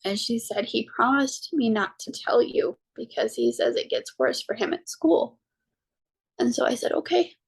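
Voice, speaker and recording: Woman guest, 30s to 40s, heavy vocal fry, fairly high voice, halting personal storytelling. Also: wildly swooping pitch. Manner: halting, frequent ums and restarts, quoting her own words. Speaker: podcast guest, mother. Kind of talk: personal story told in an interview.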